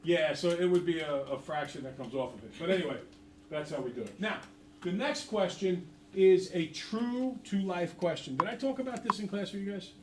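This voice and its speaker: Animated male teacher in an echoey classroom. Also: high voice, brisk, recorded from a distance, a little hiss or hum. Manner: chatty, animated storyteller, jokes with students. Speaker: math teacher. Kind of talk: classroom lecture with stories.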